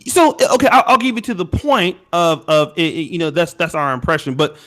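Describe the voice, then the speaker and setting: A man's voice: on the high side, a little fast, fairly bright tone. A man co-hosting a casual debate show, often stumbling and repeating words while he builds his point. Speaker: podcast co-host.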